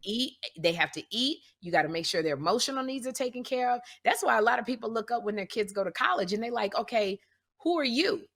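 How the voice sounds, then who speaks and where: A middle-aged woman co-hosting a comedy podcast, telling stories and acting out quotes loudly in casual chat. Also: on the high side, quick pace, few pauses. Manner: animated storyteller, acts out quotes loudly. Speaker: podcast co-host.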